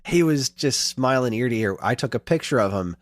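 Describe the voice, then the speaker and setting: A man in his thirties co-hosting a podcast, telling a long story in casual chat and getting animated as he retells it. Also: mid-range voice, fairly quick, no room sound. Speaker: podcast co-host.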